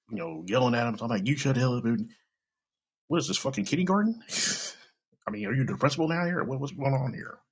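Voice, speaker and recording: A man with a gravelly, husky voice rants bluntly and profanely as a podcast host, his pitch swinging up and down. The recording is dull and lo-fi. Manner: blunt, profane, heated ranting. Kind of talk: opinion rant monologue.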